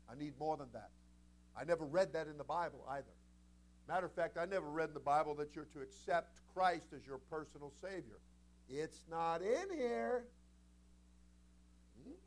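A man, the senior pastor, preaching a sermon with animated delivery that climbs into shouted passages and acts out bits of the stories. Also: fairly high pitch, a little hiss or hum.

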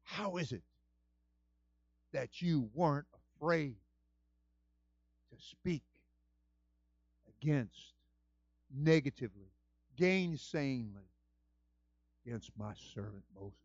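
A preacher voicing God, a stern deity rebuking his followers in slow, solemn phrases. The voice sits lower than his preaching tone and rings dry and a little dull. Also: lively intonation, darkish tone, dry recording.

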